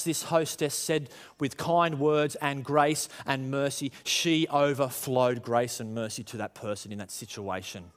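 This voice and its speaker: A man, preaching a conversational sermon to his congregation and rising in emphasis as he tells stories. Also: on the high side. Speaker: pastor.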